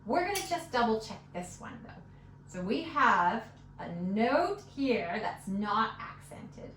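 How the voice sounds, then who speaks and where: A woman giving a one-on-one fiddle lesson, patient and encouraging, counting beats out loud. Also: a little high, very animated, slow, a little hiss or hum. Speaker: fiddle teacher. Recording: roomy, mic at a distance, fiddle playing.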